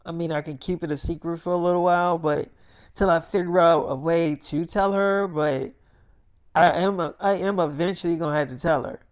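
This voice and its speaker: A man's voice: on the high side, steady tone, normal speed, smooth, no echo, clean studio sound. A man telling an improvised role-play story in a rambling way, full of filler words. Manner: rambling, full of "like" and "you know".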